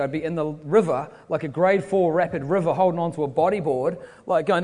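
A young man with a New Zealand accent delivers a sermon that moves between scripture and casual, joking stories. His voice sits a little high for a man. It carries a long reverb, as if he is speaking in a large hall. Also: a little fast, few pauses, a little mellow. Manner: casual, joking asides to the crowd. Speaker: preacher. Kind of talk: sermon with storytelling.

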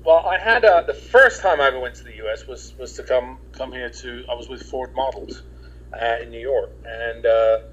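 A man's voice: medium pitch, normal speed, a bit bright, dull audio, slight background noise. Rambling man telling his story. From England. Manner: rambling, with many restarts and quoted dialogue. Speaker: guest. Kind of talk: casual interview storytelling.

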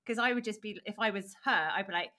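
A woman's voice: medium pitch, quick pace, bright, forceful tone. A woman, a podcast guest, chatting in a bubbly, giggly way. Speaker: guest artist. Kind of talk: casual podcast chat.

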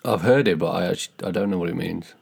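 A man with a British English accent trading dry, low-key jokes in a relaxed podcast chat. His voice is very deep, with a gravelly, husky texture. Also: fast talker. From Britain.

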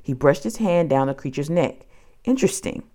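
A woman with a low voice narrates a children's chapter book aloud. Her reading is expressive and full of lively rises and falls, pitched for young listeners. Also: moderate pace. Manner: expressive, storytelling delivery.

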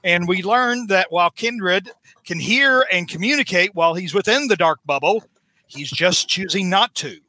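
A man's voice: sits high, lively intonation, normal speed, sharp tone, no room sound. A man hosting a podcast, giving a sarcastic, mocking recap of a comic book. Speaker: podcast host.

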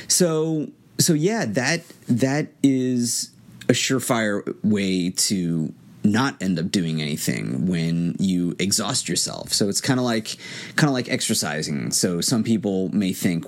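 A man reading a numbered list of tips aloud and adding plainspoken, quick asides between them. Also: fairly low pitch, animated.

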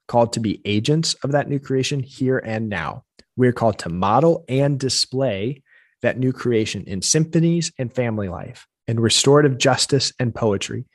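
A man's voice: mid-range voice, dry recording, studio quality. Earnest man co-hosting a faith podcast. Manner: earnest, summarizing, reflective. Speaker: podcast co-host. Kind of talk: casual faith podcast discussion.

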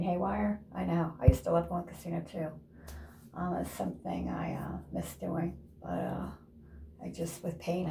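A woman's voice: lowish voice, vocal fry, background noise. A woman talking casually to camera in a rambling, chatty way, laughing often and sometimes dropping to a whisper. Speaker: vlogger. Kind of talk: casual vlog chat.

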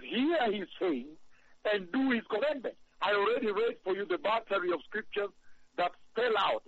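A man preaching a sermon, emphatic and repetitive, reading scripture slowly. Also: high voice, gravelly, fairly bright tone, husky, highs cut off. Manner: emphatic, repeats phrases, reads scripture slowly.

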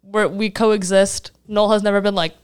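A woman's voice: medium pitch, little pitch movement, normal speed, clean tone. A young woman co-hosting a casual podcast, talking in a heated, emphatic way and laughing often. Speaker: podcast co-host.

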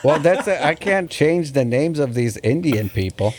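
A man's voice: fairly high pitch, lively intonation, normal speed, a little mellow. A man hosting a podcast, bantering casually with his co-hosts, joking and swearing as he reads out news stories. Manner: joking, profane, laughs often. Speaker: podcast host.

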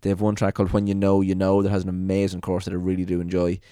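A fast-talking man hosting a podcast in a casual, slangy way. His voice sits a little low, and the sound is dry and close. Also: completely flat delivery, dark tone, clear, resonant tone, no room sound. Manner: chatty, laughs often, slangy. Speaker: podcast host. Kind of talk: casual chat.

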